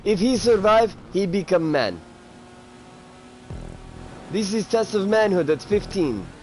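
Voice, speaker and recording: A man putting on a mock foreign accent, playing a boastful man from a far-off land who speaks broken English with a deadpan delivery. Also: sits high, slow, slight background noise, full character voice.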